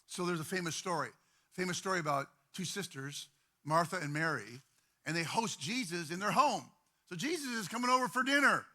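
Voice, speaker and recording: A man preaching a sermon as pastor, talking in a conversational, animated way with repeated words. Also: sits high, brisk.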